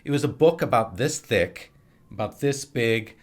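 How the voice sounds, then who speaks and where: A man's voice: mid-range voice, lively intonation, a little slow. A man in his late forties from Wisconsin, a guest telling rambling anecdotes in casual conversation. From Wisconsin, USA. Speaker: podcast guest, filmmaker and actor. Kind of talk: casual storytelling.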